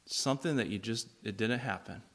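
A man preaching a sermon, reading scripture and asking the congregation questions in an animated way. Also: lowish voice, brisk. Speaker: pastor.

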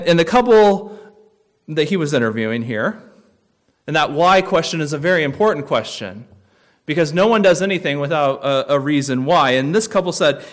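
A man preaching a sermon, telling stories and dropping to a near hush for tense moments before rising for emphasis. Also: fairly high pitch. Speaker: pastor.

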